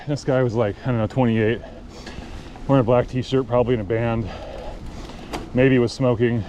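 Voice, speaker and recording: A man's voice: mid-range voice, fairly even intonation, moderate pace, long pauses, warm tone. A man casually telling a road story in a rambling, profane, amused way, recorded outdoors by a road. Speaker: cycling vlogger. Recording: clear outdoor traffic noise.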